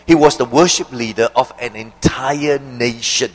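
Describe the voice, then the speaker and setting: Man preaching in a reverberant hall. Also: medium pitch. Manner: expository, rhetorical questions, slow emphatic phrases. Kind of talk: sermon.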